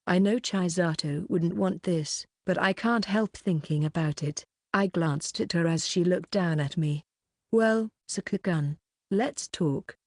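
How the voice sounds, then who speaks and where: A woman narrates a light novel audiobook in a steady, even reading voice. Her pitch sits a little low for a woman. The recording is dry and close, with no room around it. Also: measured pace, few pauses, no room sound.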